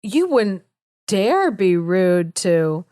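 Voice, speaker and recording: Woman, animated pitch, slow delivery, dry close mic, podcast co-host. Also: no room sound. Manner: slow, lively reactions and wry asides. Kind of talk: casual chat.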